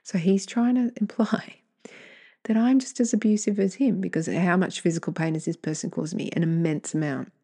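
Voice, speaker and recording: A woman's voice: lowish voice, fairly even intonation, normal speed, warm tone, slightly rough. A woman hosting her own podcast, reading emails aloud and commenting bluntly, with rambling asides and free swearing. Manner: candid, blunt, swears freely; rambling, self-correcting asides. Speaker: podcast host.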